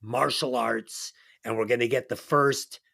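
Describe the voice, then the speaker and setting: A man's voice: mid-range voice, fairly even intonation, a little slow, vocal fry, sharp tone. A man co-hosting a movie review podcast, chatting casually and enthusiastically, swearing now and then. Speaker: podcast co-host.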